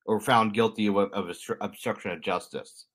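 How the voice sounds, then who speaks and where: A young man with a lowish voice talks through a story on a podcast. He rambles and corrects himself as he goes, slipping in dry jokes along the way. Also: fairly even intonation, moderate pace, fairly bright tone. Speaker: podcast co-host. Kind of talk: casual explanatory chat.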